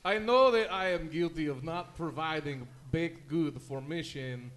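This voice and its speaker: A man's voice: fairly high pitch, a little slow, fairly bright tone. A man playing a clumsy team baker who drops articles and speaks in formal, stilted phrases. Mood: earnest.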